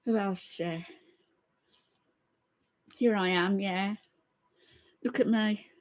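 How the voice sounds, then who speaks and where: A woman's voice: mid-range voice, fairly even intonation, takes it slowly. A middle-aged woman hosting a casual live stream, chatty and greeting her viewers one by one by name. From from an Irish family. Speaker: commentary channel host.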